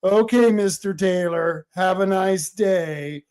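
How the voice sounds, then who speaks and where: A man's voice: high voice, slow, a little mellow, clear, resonant tone. A man voicing a polite, weary male police officer in a retold story. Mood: coaxing.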